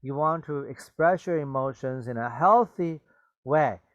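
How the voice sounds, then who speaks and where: A man's voice: medium pitch, unhurried, dry recording, lo-fi sound. A man teaching English vocabulary, repeating and explaining words and slipping into glosses, checking in with "okay?" and "right?". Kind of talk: bilingual vocabulary lesson.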